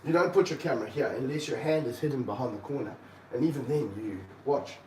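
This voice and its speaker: A man keeping snakes, talking through a live stream as he handles one, with excited bursts and low muttered asides. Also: fast. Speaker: snake keeper. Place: room of snake enclosures, indoors. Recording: roomy, from a distance, faint background hum.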